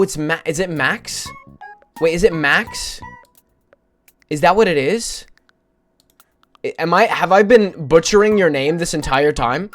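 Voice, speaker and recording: Rambling, joking male streamer. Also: on the high side. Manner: rambling, joking, profane, self-mocking. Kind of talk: casual live-stream chat with viewers.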